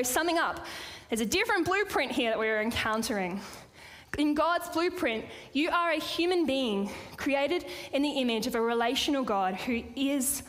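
A woman preaching a sermon to a live audience, reading scripture and making playful, chatty asides to the crowd. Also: high-pitched. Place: church or hall with a live audience. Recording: long hall reverb.

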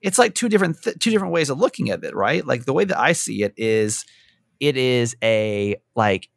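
Animated, gravelly man on a radio chat show. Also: mid-range voice, brisk, no room sound, clean studio sound. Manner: animated, acts out quoted voices. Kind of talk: casual on-air chat.

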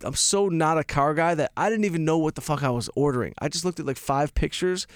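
A man's voice: a little high, fast, dry recording, clean studio sound. A male comedian and podcast host telling rambling, self-mocking stories in casual chat, swearing freely. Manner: profane, rambling storyteller.

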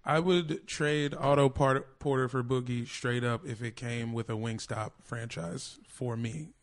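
A man's voice: mid-range voice, unhurried, soft background music. A man co-hosting a podcast in casual sports chat, blunt, profane and joking. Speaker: podcast co-host.

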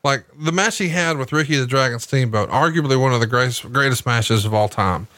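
Man, bright tense voice, dry close sound, profane animated storytelling, casual podcast chat. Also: medium pitch, a little fast, no room sound.

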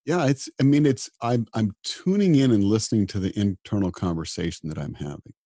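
Deep, husky-voiced man talking earnestly. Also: expressive, a little fast, mellow, no room sound. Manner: earnest, repeats words when starting sentences. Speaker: disaster physician, guest. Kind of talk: reflective interview talk.

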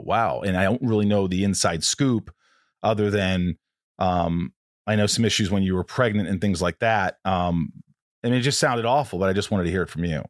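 A man's voice: on the low side, no room sound, studio quality. A middle-aged man hosting a podcast interview, talking in an earnest, rambling way with many restarts. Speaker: podcast host. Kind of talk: casual interview chat.

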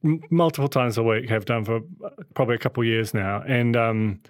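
A man's voice: mid-range voice, fairly quick, no echo. Hesitant young man, dry close sound. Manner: hesitant, many fillers and restarts. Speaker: podcast co-host. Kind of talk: casual chat.

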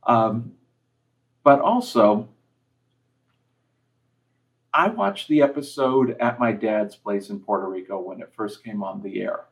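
A man's voice: fairly low pitch, creaky, rough recording. A man giving casual commentary on a TV episode, telling personal stories in a reflective way. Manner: reflective storyteller, personal anecdotes.

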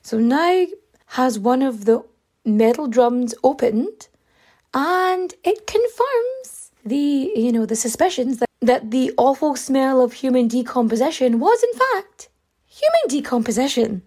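A woman's voice: high-pitched, very animated, measured pace, a little mellow. Chatty woman telling a crime tale. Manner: chatty, rambling, lots of fillers and asides. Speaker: storyteller. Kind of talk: casual true crime storytelling.

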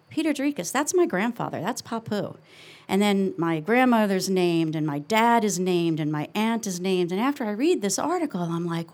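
A woman's voice: medium pitch, lively intonation. Earnest middle-aged woman telling a story. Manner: earnest, confessional, with slow reflective pauses. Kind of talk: live storytelling.

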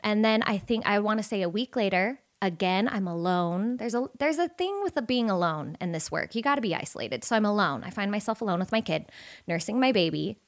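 A woman in her thirties, a podcast guest telling a personal story in a candid, animated way, swearing freely. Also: mid-range voice, brisk. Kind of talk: casual storytelling.

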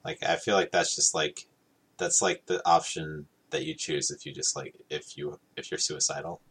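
A man's voice: extremely low pitch, steady tone, normal speed, a bit bright, husky. A man appearing as a podcast guest, joking and laughing often in casual chat.

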